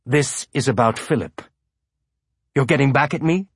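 A man's voice: medium pitch, moderate pace, creaky, breathy edge, no echo, studio quality. A man voicing a shaken, frightened male council member who speaks in a tense, accusing way.

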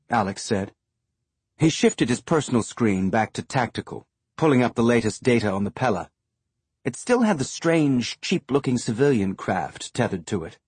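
A man narrating a science-fiction audiobook in a measured, even storytelling manner. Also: on the low side, breathy edge, no room sound.

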